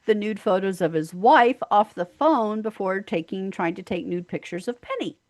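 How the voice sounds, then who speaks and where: A woman co-hosting a podcast, casually recapping a sitcom episode and telling it like an animated storyteller. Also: mid-range voice, moderate pace, dry recording. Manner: animated storyteller who acts out lines in a raised voice. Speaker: podcast co-host.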